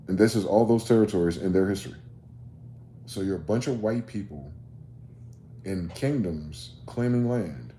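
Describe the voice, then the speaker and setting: A man's voice: fairly low pitch, dark tone. A man hosting a solo rant monologue, firing off rhetorical questions in a profane, combative way. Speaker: host. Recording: roomy echo, faint background noise.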